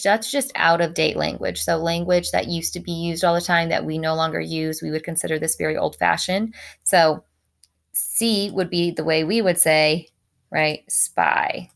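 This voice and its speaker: A woman teacher walking students through a poem, reading its lines slowly and explaining them briskly. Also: on the low side, vocal fry. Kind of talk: recorded poetry lesson walkthrough.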